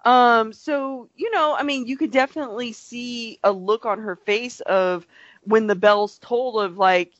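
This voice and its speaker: A podcast co-host with a voice on the high side talks unhurriedly in a casual, rambling chat full of fillers, retelling things animatedly. The recording has no room sound and its highs are cut off.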